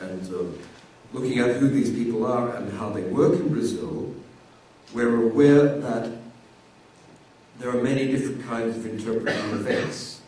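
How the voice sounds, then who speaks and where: A man's voice: mid-range voice, mellow, far from the mic, a little hiss or hum. A man giving a university lecture in a conversational way, often repeating words as he thinks. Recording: echoey room, voice from afar.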